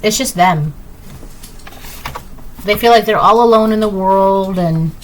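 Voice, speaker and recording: A woman's voice: medium pitch, a little slow, noisy background. A woman giving a casual tarot reading, rambling with lots of "like" and "right?", breezy and dismissive. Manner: breezy and dismissive, repeats "blah, blah". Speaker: tarot reader.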